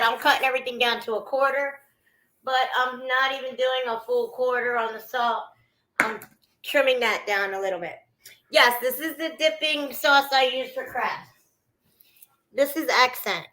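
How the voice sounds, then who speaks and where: A woman vlogger makes casual conversation while cooking on a livestream, greeting viewers by name partway through sentences and trailing off. Her fairly high voice has a sharp tone, and the audio is poor.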